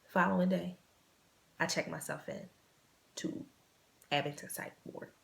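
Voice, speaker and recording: Low, gravelly woman telling her story. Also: fairly even intonation, a little hiss or hum. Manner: earnest, halting, repeats phrases, drops to a hush. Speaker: vlog host. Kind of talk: personal storytelling.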